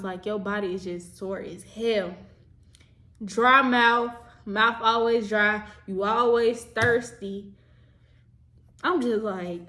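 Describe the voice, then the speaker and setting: Young adult woman vlogger, loose chatty delivery, repeats herself, voice on the higher side. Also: fairly bright tone. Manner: rambling, chatty, repeats herself, says "y'all". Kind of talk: casual chat to camera.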